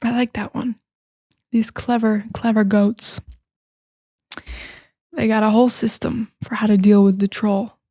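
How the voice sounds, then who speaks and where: American lady teacher telling bedtime stories, chatty, lots of um and like, slips into whispers, mellow. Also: mid-range voice, flat delivery, unhurried, long pauses, dry recording, studio quality. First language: English. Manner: chatty, many fillers, sometimes whispering. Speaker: English teacher. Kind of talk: casual storytelling for learners.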